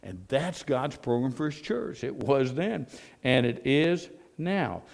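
A man's voice: mid-range voice, expressive, slow, vocal fry. A male pastor preaching a sermon in a conversational way, often asking the congregation rhetorical questions.

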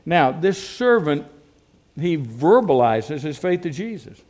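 A man preaching a sermon in a folksy, animated way, with rhetorical questions and frequent restarts. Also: a little high, slow pace. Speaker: pastor.

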